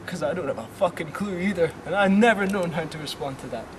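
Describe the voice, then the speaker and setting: A man hosting a spoof town tour, talking outdoors in a rambling, deadpan way with swearing asides. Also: high voice, fast. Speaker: spoof town guide host. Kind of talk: mock-serious walking tour monologue. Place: outdoors in town streets, windy. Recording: windy outdoor sound, far from mic.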